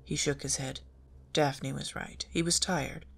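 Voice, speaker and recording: An audiobook reader narrating a fan fiction story in a calm, measured way. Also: mid-range voice, vocal fry, husky.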